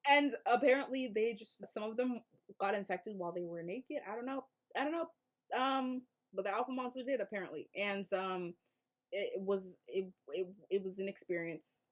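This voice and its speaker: A woman vlogger recapping a movie in casual chat, animated and laughing, with loud exaggerated outbursts. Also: mid-range voice, moderate pace.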